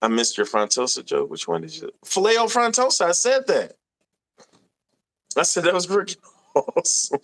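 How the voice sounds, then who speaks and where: A man's voice: a little high, big pitch swings, moderate pace, vocal fry, pauses often, a bit bright. A young man hosting a casual live stream, reading viewer comments aloud with a laid-back, laughing manner.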